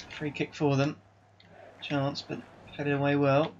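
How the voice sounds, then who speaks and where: A man giving live commentary over his own football video game session, excitable and exasperated one moment, calmly running through his team the next. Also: a little high, a little hiss or hum. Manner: excitable, exasperated, swings between disbelief and calm team talk. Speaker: gaming YouTuber. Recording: slightly dull lo-fi mic.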